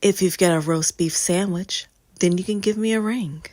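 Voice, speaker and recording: A woman's voice: fairly low pitch, moderate pace, warm tone, natural voice. A woman voicing a blunt, matter-of-fact gym teacher in a rhyming storybook. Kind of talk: storybook reading.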